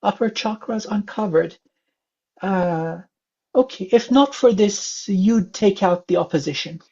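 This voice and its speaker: A man from England giving a calm spiritual reading, speaking gently with many filler sounds. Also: high voice, a little slow, breathy edge. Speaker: spiritual reader. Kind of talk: psychic reading session. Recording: dull lo-fi sound.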